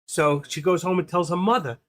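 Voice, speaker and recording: A man's voice: high voice, a little fast. An older man hosting a trading livestream, chatting in a casual, rambling, jokey way.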